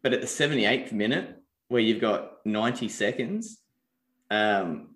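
A man's voice: on the low side, animated, a little slow, a bit bright. An Australian man co-hosting a podcast, giving laid-back opinions and teasing his co-host in casual sports talk. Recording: echoey room.

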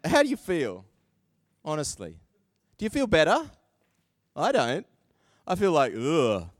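Animated high-voiced pastor. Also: male voice, no room sound. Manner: animated, acts out quoted voices, self-deprecating asides. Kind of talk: sermon.

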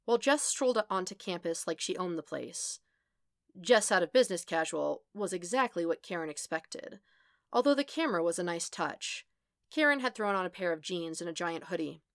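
A woman narrates a fan story aloud in a steady, even way. Her voice sits low, and the sound is close and dry with no room around it. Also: moderate pace, no room sound. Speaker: podfic reader. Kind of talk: scripted narration.

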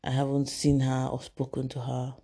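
A young woman, telling a personal story in a halting, emotional way with many restarts. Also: rumbling low, monotone, dark tone, breathy edge. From Nigeria. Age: young adult.

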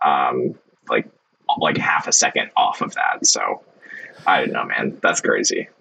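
Very deep gravelly laid-back man. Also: animated, a little slow, sharp tone, low-quality recording. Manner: laid-back, profane, joking. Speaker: podcast co-host. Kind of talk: casual chat.

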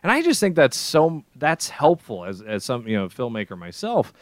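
A man co-hosting a podcast, chatting casually about films in a rambling, animated way with lots of restarts. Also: medium pitch, moderate pace, no echo. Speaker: podcast co-host. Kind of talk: casual film chat.

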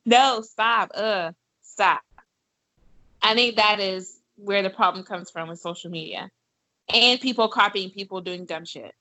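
A woman's voice: mid-range voice, a little slow, pushed and bright, poor audio. A woman co-hosting a casual podcast, chatty and teasing. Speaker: podcast co-host.

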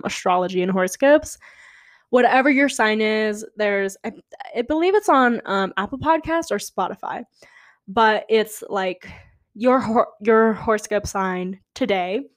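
A young woman hosting a podcast, talking casually on her own in a chatty, rambling way with dramatic asides. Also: mid-range voice. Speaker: podcast host. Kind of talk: casual solo chat.

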